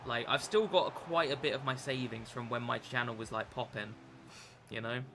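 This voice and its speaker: A man's voice: medium pitch, fairly even intonation, normal speed, noisy background. A young man chatting casually on a live stream while gaming, rambling with lots of fillers and restarts. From England.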